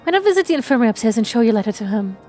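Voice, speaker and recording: A woman's voice: a little high, big pitch swings, rapid-fire, mellow, faint music behind. Woman reading a stiff, formal knight. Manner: stiff, old-fashioned phrasing. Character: formal low-ranking knight, polite but unhelpful. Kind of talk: reading game dialogue aloud.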